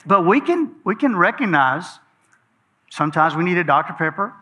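A man's voice: high voice, very animated, normal speed, bright, forceful tone. A man preaching a sermon to his church in a folksy, conversational way. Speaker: pastor.

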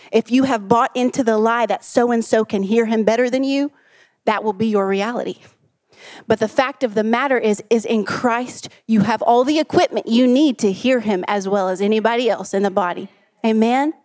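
A woman's voice: on the high side, a little mellow, no room sound. A woman preaching a sermon, earnest and emphatic, stretching out key words and calling on the congregation to repeat after her.

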